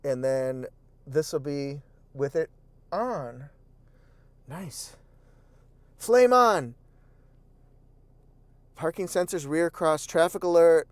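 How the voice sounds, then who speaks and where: Man, high-ish voice, playful and excitable car reviewer talking from inside a truck cab. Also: slow, long pauses, dry recording. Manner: excitable, playful, exclaims and repeats phrases. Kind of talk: casual product walkaround. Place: inside a pickup truck cabin.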